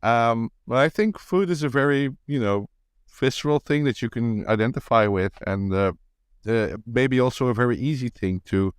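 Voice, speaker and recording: A man's voice: medium pitch, moderate pace, clear, resonant tone, no echo, studio quality. A man co-hosting a podcast in casual chat, hesitant, with many ums and uhs. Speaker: podcast co-host.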